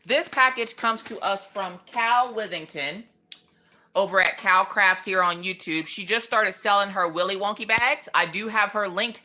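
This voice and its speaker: A woman's voice: mid-range voice, sharp tone. A woman hosting a casual craft livestream, playfully greeting chat viewers by name and joking with them as she unboxes.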